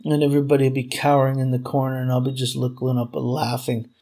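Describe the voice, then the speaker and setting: A man's voice: medium pitch, completely flat delivery, fast talker, darkish tone. A man delivering a furious, profane political rant straight to his audience, repeating himself as he vents. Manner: furious, profane, repetitive ranting. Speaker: vlogger. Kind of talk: angry political rant to camera.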